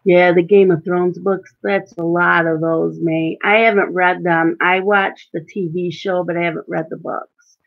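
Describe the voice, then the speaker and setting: A woman's voice: on the low side, flat delivery, measured pace, gravelly, hardly any pauses, narrow, tinny audio. A woman hosting a live stream while she colors, chatting casually with viewers and reading out their comments. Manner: chatty, reads out and answers viewer chat. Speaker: coloring channel host.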